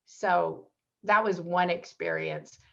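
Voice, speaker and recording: A woman guest in a casual interview, telling personal stories in an animated way and acting out the voices of people she quotes. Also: fairly low pitch, slow pace, vocal fry, muffled recording.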